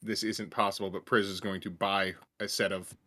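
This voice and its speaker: A man plays a tabletop role-play game, talking hesitantly and halting over his words. His voice is lowish and bright. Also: level tone. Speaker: player.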